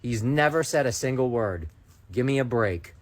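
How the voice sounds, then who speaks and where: A man's voice: mid-range voice, animated, normal speed. A man ranting straight to camera, indignant and sarcastic, daring his viewers to prove him wrong. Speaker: content creator. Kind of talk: ranting direct-to-camera monologue.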